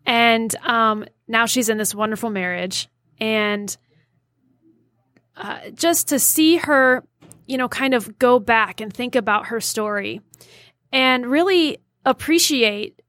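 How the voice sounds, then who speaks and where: A woman's voice: on the high side, slow, fairly bright tone, no echo, clean studio sound. A woman guest on a podcast, speaking thoughtfully with frequent hesitations. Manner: thoughtful, hesitant, many fillers. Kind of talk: casual podcast conversation.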